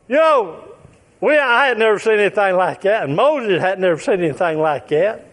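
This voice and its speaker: A man preaching a sermon, emphatic and repetitive, drawing out his phrases and now and then shouting or chuckling. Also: high voice.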